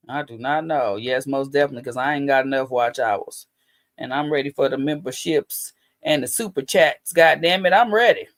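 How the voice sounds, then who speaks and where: A man's voice: fairly high pitch, no room sound, clean studio sound. A man hosting a livestream, chatting loosely and profanely straight to his viewers. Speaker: livestream host. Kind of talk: casual livestream chat.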